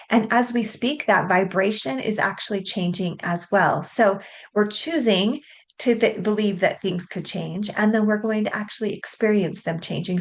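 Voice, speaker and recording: A woman coaching a guided tapping session, speaking calmly and repeating each affirmation three times in a steady rhythm. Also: medium pitch. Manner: softens and slows toward a quiet hush.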